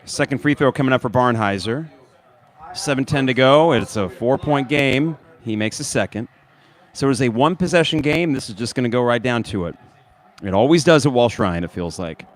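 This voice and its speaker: A man with a medium-pitched voice talks fairly quickly as he hosts a podcast. He gives casual live play-by-play of a basketball game while suffering through hot sauces, animated, pained, and laughing from the heat.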